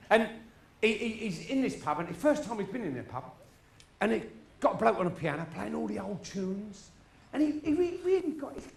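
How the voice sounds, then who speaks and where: A man's voice: high-pitched, very animated, fairly quick, vocal fry. A male stand-up comedian telling a bawdy pub story on stage, swearing freely and jumping between characters' voices. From England. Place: theatre stage. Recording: live stage mic with crowd and hum.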